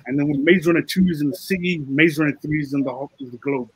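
Husky-voiced male director in casual chat. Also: on the high side, fast, dry recording, poor audio. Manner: relaxed, explains, quotes others. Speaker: film director.

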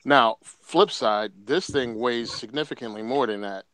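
A man's voice: mid-range voice, a little slow, fairly bright tone, no echo. A man on a podcast telling a story in casual chat, joking and laughing often. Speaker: podcast co-host.

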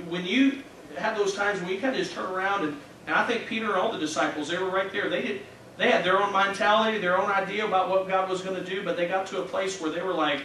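A man in his thirties preaches in a high, bright voice, telling a personal story with earnest, heartfelt feeling and interjected praise. His voice carries with a heavy echo through a church sanctuary, picked up from some distance with a faint background hum. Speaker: pastor.

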